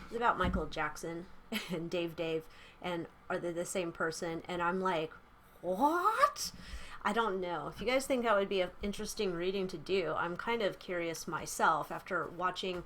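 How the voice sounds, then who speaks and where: A woman's voice: medium pitch, fairly bright tone, a little hiss or hum. A young adult woman hosting a casual tarot reading vlog from a small room at home, rambling and giggly. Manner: chatty, rambling, giggly asides. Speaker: tarot reader. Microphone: camera mic.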